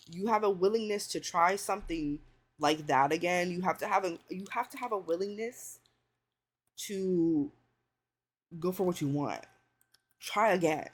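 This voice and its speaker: A thirty-year-old woman chatting casually to viewers and giving advice, blunt and full of swearing, with lots of "like" and "you know". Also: moderate pace. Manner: swings into high excited pitch when riled up. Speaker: vlogger.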